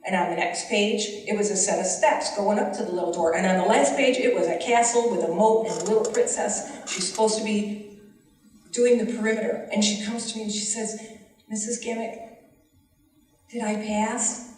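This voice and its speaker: A woman's voice: medium pitch, fairly quick, darkish tone. A woman who teaches special education, giving earnest, impassioned public testimony at a legislative forum. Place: large hearing room. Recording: echoey hall from far off.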